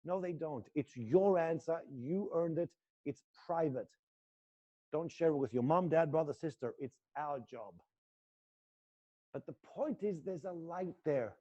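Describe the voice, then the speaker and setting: A man's voice: on the high side, warm tone. Intense, coaxing acting teacher, man. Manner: intense, coaxing, swears freely. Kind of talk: guided acting exercise in a live class.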